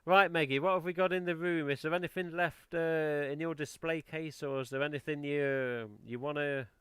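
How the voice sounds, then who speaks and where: A man's voice: fairly high pitch, fairly even intonation, brisk, a bit bright, smooth, dry recording. A man hosting a casual livestream, chatting in a rambling, self-interrupting way. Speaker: livestream host. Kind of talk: casual chat.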